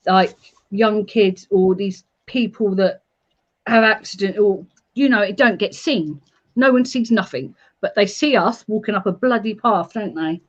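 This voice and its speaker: A woman chatting bluntly and animatedly in a casual live chat, laughing often. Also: medium pitch. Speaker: urban explorer, live chat co-host. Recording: muffled lo-fi audio.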